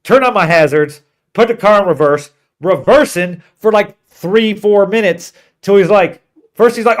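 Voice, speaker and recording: Brief: man, high-pitched voice, podcast co-host, animated swearing storyteller. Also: moderate pace. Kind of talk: casual storytelling chat.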